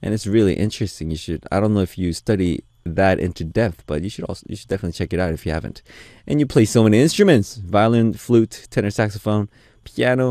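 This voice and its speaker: A man's voice: fairly low pitch, a little mellow, dry recording, clean studio sound. A man hosting a radio music show, reading listener messages aloud and answering them with playful, teasing asides. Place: radio studio. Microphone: studio mic.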